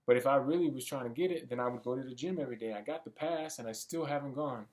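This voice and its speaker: Young guy rambling out loud to himself, pumping himself up, loose and casual, swears a bit. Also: medium pitch, fast talker. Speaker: vlogger. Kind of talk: motivational self-talk monologue.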